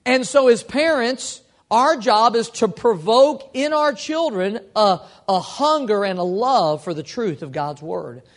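A man preaching a sermon to parents, teaching earnestly and reading scripture slowly. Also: high voice, lively intonation. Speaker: pastor.

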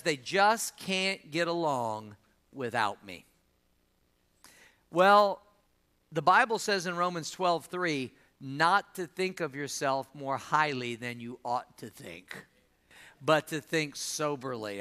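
A man's voice: fairly high pitch, pushed and bright, clean tone. A man in his fifties preaching a sermon as a pastor, folksy and emphatic, repeating his key lines. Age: 50s.

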